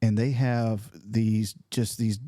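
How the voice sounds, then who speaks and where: A man co-hosts a casual faith podcast with a mellow, warm voice. He rambles through stories, losing words and laughing along the way. The studio sound is dry and close. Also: fairly low pitch, little pitch movement, takes it slowly, no echo. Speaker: podcast co-host. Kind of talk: casual chat.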